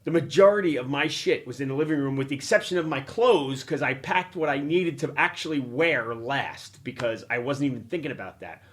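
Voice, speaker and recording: A middle-aged man hosts a casual chat and tells an animated story. He laughs at himself and swears freely. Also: mid-range voice, a little fast, hardly any pauses. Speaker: podcast host. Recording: noisy action-camera room recording.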